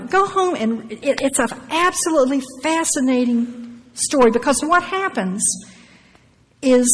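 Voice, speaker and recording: A woman preaching, her voice sitting a little high for a woman. She moves between reading scripture aloud and breaking in with emphatic asides. A long reverb trails her words through the hall. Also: slightly rough.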